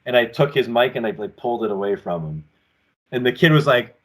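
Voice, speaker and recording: Male wrestler guest, mid-range voice, animated rambling storyteller, remote call from home. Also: mid-range voice, fairly quick. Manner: rambling and animated, acting out quotes. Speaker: professional wrestler, podcast guest. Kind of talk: casual storytelling in an interview. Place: home apartment with collectibles shelves.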